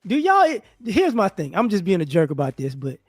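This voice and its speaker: A man in a casual live-stream talk about boxing, animated and rhetorical, acting out what other people say. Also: high-pitched, moderate pace, no room sound, studio quality. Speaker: co-host.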